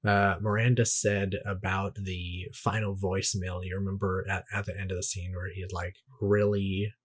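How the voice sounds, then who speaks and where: A man's voice: low-pitched, little pitch movement, moderate pace, slightly rough. A man co-hosting a casual movie review podcast, reading out trivia in a hesitant way and restarting his phrases. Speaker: podcast co-host.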